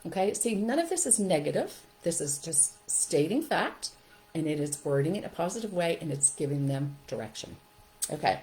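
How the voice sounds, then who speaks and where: Animated woman coaching parents. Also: sits low, moderate pace, poor audio. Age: middle-aged. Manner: animated, acts out scolding and soothing phrases. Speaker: childcare trainer and podcast host. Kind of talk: casual teaching talk to parents.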